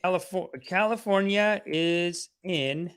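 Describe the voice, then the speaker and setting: A man's voice: high voice, takes it slowly, a bit bright, clear, resonant tone. Rambling, playful male livestream host. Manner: rambling, playful, talks to chat. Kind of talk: casual livestream chat.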